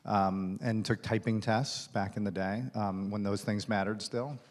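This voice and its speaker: On a conference stage, a studio executive serving as keynote guest recounts a long career anecdote, poking fun at himself and using frequent fillers in a chatty onstage conversation. His voice is on the low side, steady, and a little slow.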